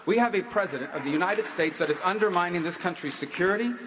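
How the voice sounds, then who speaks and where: A man running for president, answering forcefully in a political debate with emphatic, repetitive phrasing. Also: high-pitched, fast, slight background noise. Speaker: presidential candidate. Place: large debate hall on stage. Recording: echoey hall reverb.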